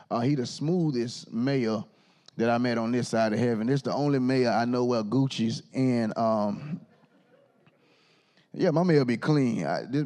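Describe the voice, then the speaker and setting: A man's voice: mid-range voice, darkish tone. Teasing emcee man. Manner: joking, teasing, conversational. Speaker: master of ceremonies. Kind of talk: comedic emcee roast.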